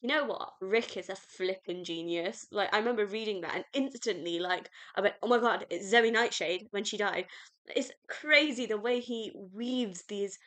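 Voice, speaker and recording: A woman's voice: medium pitch, moderate pace, a bit bright. A British woman hosting a casual solo book review podcast, rambling and gushing with lots of fillers. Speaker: podcast host.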